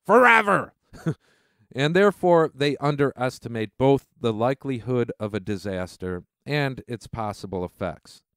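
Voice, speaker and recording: A man's voice: medium pitch, clear, resonant tone, no room sound, clean studio sound. Heated sarcastic male talk-radio host. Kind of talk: ranting political commentary.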